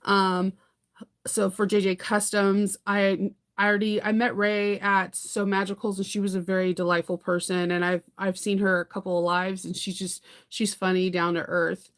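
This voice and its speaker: A woman's voice: medium pitch, little pitch movement, normal speed. A woman hosting a casual sewing livestream, chatting in a rambling way, laughing often and answering viewer comments. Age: adult parent.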